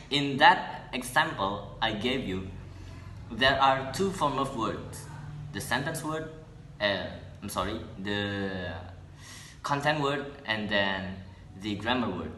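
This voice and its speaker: A young man, a student presenting an English lesson in a halting way, correcting himself as he goes. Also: mid-range voice, expressive, sharp tone, a little hiss or hum. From Indonesia. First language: Indonesian. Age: young adult. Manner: halting, with restarts and self-corrections. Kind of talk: classroom explanation. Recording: echoey room.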